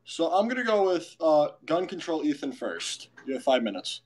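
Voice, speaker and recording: A man moderating a casual debate, announcing topics and time in halting, stiffly formal phrasing. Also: fairly high pitch, sing-song, background noise.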